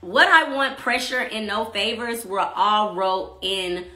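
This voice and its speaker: A woman from Texas, chatting casually on her own stream with rambling asides and shout-outs to viewers. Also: mid-range voice, slow pace, roomy sound. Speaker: singer hosting a live stream about her EP. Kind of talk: casual chat.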